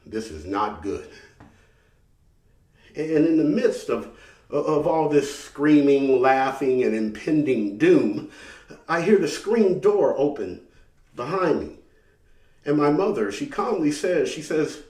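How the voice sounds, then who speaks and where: A man performs a dramatic solo story, unhurried and halting, often repeating a word before pressing on. His voice sits at a middle pitch. The sound is roomy, caught by a mic some way off. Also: expressive, darkish tone, far from the mic.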